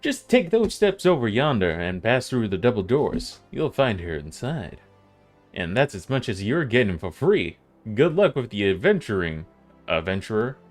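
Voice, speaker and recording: A gruff local man giving a newcomer directions, as a man reads him aloud. His voice sits a little low and measured, with his pitch moving freely over the lines. Faint game music runs underneath. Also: big pitch swings. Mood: helpful.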